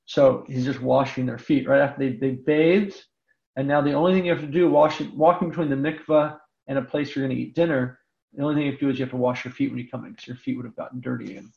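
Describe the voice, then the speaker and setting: A man teaching a Bible lesson, reading scripture aloud and pausing to stretch key words for emphasis. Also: medium pitch, fairly even intonation, gravelly, darkish tone. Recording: dull lo-fi lecture recording.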